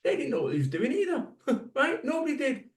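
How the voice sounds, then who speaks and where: A man's voice: very high voice, wildly swooping pitch, brisk. Blunt man giving a fired-up keynote. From Salford, England. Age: 50s. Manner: blunt, swearing, punchy rhetorical questions. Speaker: motivational speaker. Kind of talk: motivational keynote speech. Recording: echoey hall, voice from a distance.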